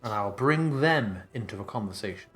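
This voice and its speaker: A man's voice: fairly low pitch, animated, normal speed, fairly bright tone, soft background music. A man playing a tabletop game, moving between in-character speech and casual table talk over a voice call. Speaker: player. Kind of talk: casual tabletop role-play.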